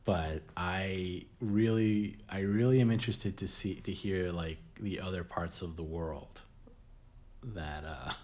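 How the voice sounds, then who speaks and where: A man with a notably low voice hosts a casual late-night stream. He rambles, restarts his sentences and chuckles at his own jokes. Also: a little mellow. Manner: rambling, repeats words, laughs at own jokes. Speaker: host.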